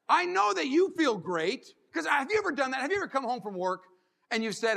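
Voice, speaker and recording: A man giving a keynote as a motivational speaker, animated and acting out little scenes and voices. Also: very high voice, brisk, creaky, in a large hall. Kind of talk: keynote speech. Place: large conference hall.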